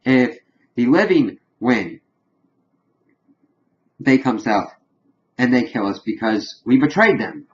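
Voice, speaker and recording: Young male TV reviewer, casual recap style, mid-pitched voice, slightly muffled audio. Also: slow, pauses often. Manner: animated retelling, lightly acting out characters' lines. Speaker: TV show reviewer.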